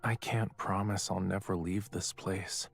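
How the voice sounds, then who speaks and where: An actor voicing a gentle young male artist in a romance game, earnest and reassuring, speaking softly to his partner. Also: sits low, fairly even intonation, measured pace, gravelly, soft background music, full character voice. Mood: tender. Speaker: game love interest. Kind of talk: voiced game dialogue.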